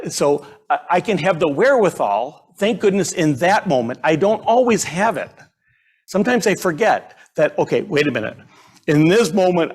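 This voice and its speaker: A middle-aged man gives a sermon in a church in a casual, unscripted way. He talks with a fairly high pitch. He hesitates, repeats words and restarts lines as he goes. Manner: conversational, halting, with many restarts and fillers. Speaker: pastor. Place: church sanctuary.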